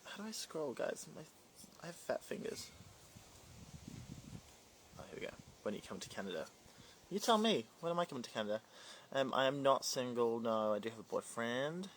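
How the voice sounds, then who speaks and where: In an animated, slightly fast delivery full of frequent pauses, a young New Zealander with a slight British twang answers livestream comments. He's a drag performer running a casual Q&A, chatty, playful, and scattered, with a mid-range voice and slight background noise.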